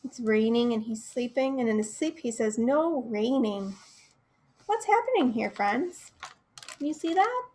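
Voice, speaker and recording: Young woman, children's librarian, storytime read-aloud; bright high pitch, unhurried, chats straight to the little listeners. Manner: expressive, talks straight to the kids, asks them questions.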